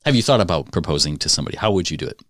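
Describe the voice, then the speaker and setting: A man co-hosting a podcast, teasing his friends with quick joking interjections in casual banter. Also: low voice, animated, fairly bright tone, no room sound, studio quality. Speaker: podcast co-host.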